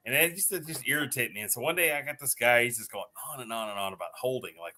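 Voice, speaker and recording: A man hosting a casual live stream, chatting with co-hosts and telling lively stories with plenty of laughter. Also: medium pitch, fast, hardly any pauses. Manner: animated storyteller, laughs often.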